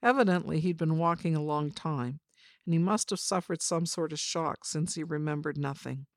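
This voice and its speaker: A woman narrating a first-person memoir story in a measured, reflective way. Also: sits low, no echo, clean studio sound. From China.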